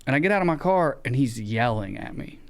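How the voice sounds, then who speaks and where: Southern man telling a story, smooth voice. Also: medium pitch, a little fast. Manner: animated storyteller who acts out shouted quotes and swears freely. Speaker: podcast co-host. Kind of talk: casual storytelling chat.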